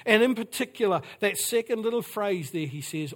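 Male preacher, higher-pitched voice, emphatic and repetitive delivery. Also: animated, normal speed, few pauses. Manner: repetitive, emphatic preaching with sudden drops to quiet. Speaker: pastor. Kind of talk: sermon.

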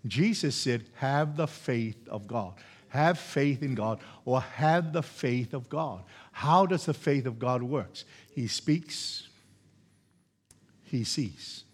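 A man preaching a sermon, emphatic and repetitive, building from quiet explanation to loud exhortation. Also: mid-range voice, expressive, slow pace, breathy edge.

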